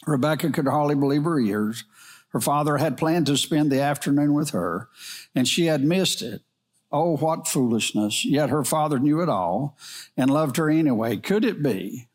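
Man gently reading a moral story. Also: medium pitch, normal speed. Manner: gentle, earnest reading with small slips.

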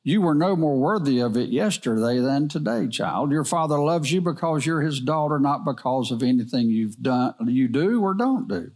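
A wise old nanny from a storybook gives firm but gentle counsel, read by a man. Her lines come at an ordinary middle pitch, steady and kindly stern. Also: moderate pace, few pauses.

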